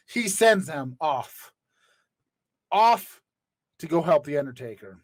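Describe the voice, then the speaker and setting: High gravelly podcast host guy cussing and riffing, dry close mic. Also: animated, takes it slowly, long pauses, dry recording. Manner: profane, joking storytelling. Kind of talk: casual chat.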